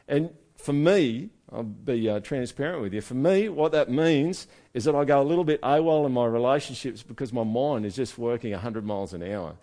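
A man preaching a conversational sermon with lively asides. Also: medium pitch, a little fast, few pauses. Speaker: pastor.

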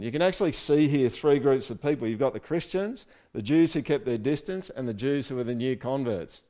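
A man's voice: mid-range voice, animated, brisk, few pauses, warm tone. A man preaching a casual, conversational sermon, with joking asides and frequent "right?" check-ins to his listeners. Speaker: pastor.

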